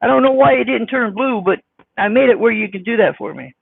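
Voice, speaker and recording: Squeaky high-voiced trucker on a thin line. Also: male voice, a little fast, vocal fry, slightly rough, no room sound. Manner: blunt, defensive, folksy. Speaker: trucker vlogger reading live chat. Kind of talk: casual live-stream chat. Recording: dry, phone-like sound.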